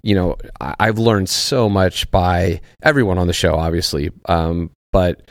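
Brief: very low male voice, easygoing and profane guest, dry close mic. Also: a little slow, no room sound. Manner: laid-back and profane, searching for words. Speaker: podcast guest, actor and former soldier. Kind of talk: casual podcast chat.

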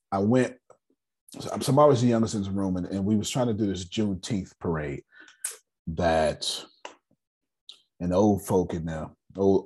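A man with a deep voice that has a breathy edge leads a business meeting. In front of listeners, he tells animated motivational stories in casual slang, repeating words and pausing dramatically.

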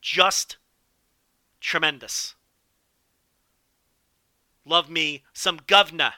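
Man, podcast host, high bright voice, dry close mic, profane and joking. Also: extremely slow, no room sound. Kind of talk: solo wrestling podcast commentary.

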